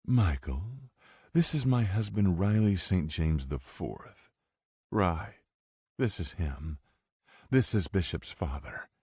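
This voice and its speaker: A man's voice: low-pitched, animated, takes it slowly, dark tone, husky, no room sound, clean studio sound, pitched above the performer's own voice, exaggerated voice. A man voicing a smug, taunting woman. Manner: mocking, taunting. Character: scheming woman, bold, smug and sly.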